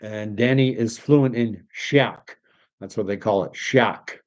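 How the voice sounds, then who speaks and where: A Canadian man's lowish, darkish voice moves at a slow pace as he hosts a laid-back livestream. He reads comments from his chat, meanders from one subject to the next, and tosses in French phrases along the way.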